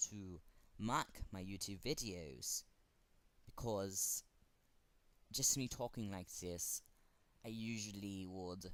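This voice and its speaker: A man with a German accent speaking earnestly to camera in a fan tribute, halting and pausing often. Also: lowish voice. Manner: earnest, halting, with frequent pauses. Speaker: fan vlogger.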